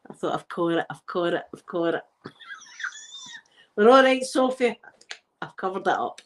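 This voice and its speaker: A middle-aged Glaswegian woman from Scotland hosts her channel, chatting casually and rambling through stories, often laughing. Her voice is lowish, with lively intonation and a moderate pace.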